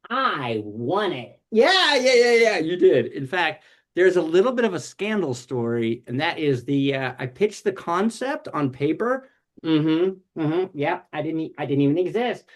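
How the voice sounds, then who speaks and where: Animated man telling stories with fillers. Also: on the high side. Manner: animated storyteller with many fillers. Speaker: guest puppeteer. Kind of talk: casual chat.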